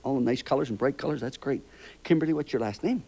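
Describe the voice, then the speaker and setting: An older man hosting a children's TV show, gently interviewing young kids in a chatty, rambling, fatherly way. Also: medium pitch, fast talker.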